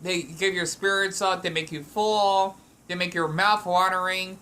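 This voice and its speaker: A woman talks while she eats at home, wandering from thought to thought and often restarting her sentences. Her voice sits fairly low but has a bright, sharp edge. The delivery is loose and casual, as if chatting to a friend. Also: fairly even intonation, a little slow. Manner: meandering, with frequent restarts and fillers. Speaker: vlogger. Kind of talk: rambling eating vlog.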